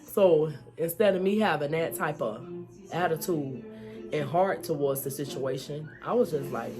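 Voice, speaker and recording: Candid woman vlogger, low voice. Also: a little slow, music in the background. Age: adult, mother of school-age children. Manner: candid, emphatic, frequent "you know" and "y'all". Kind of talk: personal storytelling vlog.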